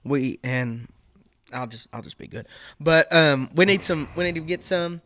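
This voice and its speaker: Higher-voiced gruff man. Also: measured pace, a bit bright, no room sound, clean studio sound. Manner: gruff, trails off into mutters. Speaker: podcast co-host. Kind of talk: casual sports chat.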